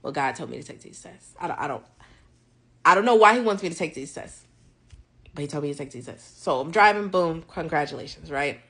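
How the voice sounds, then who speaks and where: Brief: young woman, lowish voice, lively storyteller recounting her faith journey to camera. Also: brisk. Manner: animated, acts out conversations with God. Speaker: vlogger. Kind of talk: casual faith testimony storytelling.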